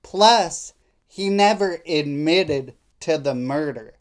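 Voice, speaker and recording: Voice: mid-range voice, animated, slow pace. A live stream host giving political commentary in a skeptical, indignant way.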